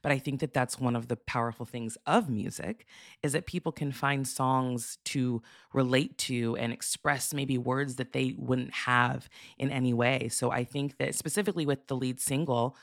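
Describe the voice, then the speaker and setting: An interviewer with a gravelly voice, recorded very dry and close. The questions are long, gentle and affirming. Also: medium pitch, fairly even intonation, moderate pace, dry recording.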